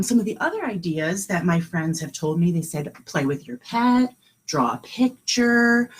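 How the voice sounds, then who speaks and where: A woman kindergarten teacher giving a live lesson from home, talking in a sing-song, encouraging way and slowing down to sound out words. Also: mid-range voice, slightly rough, rough recording. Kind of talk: live online lesson for young children.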